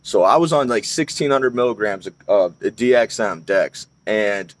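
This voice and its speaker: A man's voice: on the low side, animated, moderate pace. Rambling, profane young man telling a story. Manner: rambling, profane, frequent fillers and restarts. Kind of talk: casual storytime monologue.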